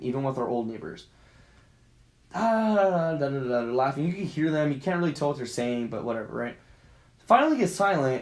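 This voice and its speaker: A young man co-hosting a podcast, telling a story in an animated, profane way and acting out the scenes. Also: medium pitch. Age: young adult. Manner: profane, acts out scenes with quoted voices and filler sounds. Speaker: podcast co-host. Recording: roomy echo.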